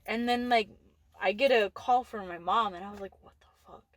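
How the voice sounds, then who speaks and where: A woman's voice: medium pitch, normal speed, no echo. Laughing young woman telling stories. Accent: Texan. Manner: laughing storyteller, swears freely. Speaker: podcast co-host. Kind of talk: casual chat.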